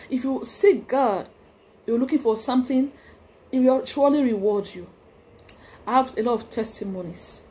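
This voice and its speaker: A woman with a Nigerian accent delivers a devotional sermon to her channel's viewers. She preaches emphatically, repeating phrases to urge her listeners on. Her voice sits fairly high. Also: darkish tone.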